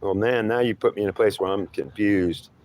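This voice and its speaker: A man voicing a frustrated, weepy man who has long searched for god, whiny and defensive, pitched above his usual voice, in an improvised two-voice monologue. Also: fairly quick, a little mellow, slight background noise, natural voice.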